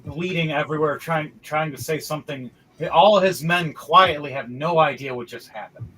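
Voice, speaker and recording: A man running a tabletop game as game master, narrating vivid action with sudden excited outbursts. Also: fairly high pitch, normal speed, breathy edge, faint music behind, poor audio.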